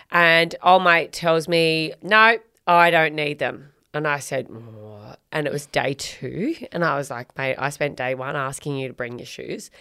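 Blunt lower-voiced woman. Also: fairly bright tone, clear, resonant tone, no echo, studio quality. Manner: blunt, swears freely, acts out quotes. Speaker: podcast co-host. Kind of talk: casual chat, storytelling.

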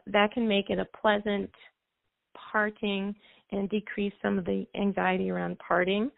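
A woman guest speaks with a gravelly edge, explaining at length and now and then singing short phrases to make her point. Her voice comes through a tinny, dry phone line. She sounds like a practiced trainer talking to a radio host. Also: medium pitch, no room sound. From United States. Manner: explanatory, sings snippets of songs to illustrate. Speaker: music therapist guest. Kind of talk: call-in radio interview.

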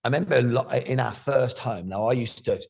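A middle-aged man, talking candidly about his life in an interview, animated and swearing freely. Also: mid-range voice, fast, vocal fry. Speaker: guest.

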